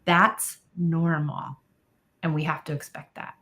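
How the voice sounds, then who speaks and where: A woman's voice: sits low, level tone, measured pace, bright, forceful tone. A woman parenting coach explaining her approach in an emphatic, firm advice conversation.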